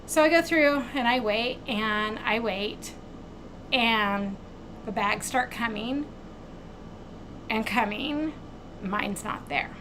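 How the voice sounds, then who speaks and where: A woman hosting a craft vlog, telling a long travel mishap in a casual, animated way and acting out the quoted back-and-forth. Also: on the high side, takes it slowly, long pauses, background noise. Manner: animated retelling, acts out quoted exchanges. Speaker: craft channel host.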